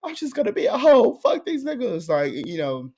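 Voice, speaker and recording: A young man co-hosting a podcast, telling a story in casual chat and jumping into high, excited voices. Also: normal speed, husky. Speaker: podcast co-host.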